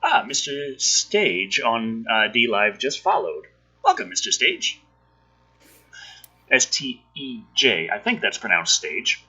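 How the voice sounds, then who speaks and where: A man's voice: medium pitch, big pitch swings, measured pace, sharp tone, slightly rough, highs cut off. A man hosting a casual livestream chat show from home, joking around and reading out viewer chat.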